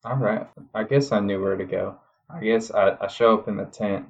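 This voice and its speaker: A man with a lowish voice trading jokes as a player in a tabletop game. His mic sounds dull and lo-fi. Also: steady tone, moderate pace, gravelly. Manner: jokey, in-character banter.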